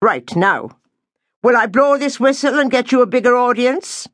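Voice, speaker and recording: A woman voicing a commanding older Irish grandmother, brisk and scolding, in an audiobook. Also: on the high side, expressive, fairly bright tone, no room sound, studio quality, voice pushed up. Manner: brisk, scolding, full of authority.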